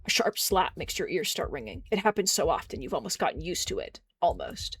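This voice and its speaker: A streamer reading a narrative game aloud and chatting between passages in an expressive, jokey way. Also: medium pitch, a little fast, creaky, few pauses, husky, no room sound.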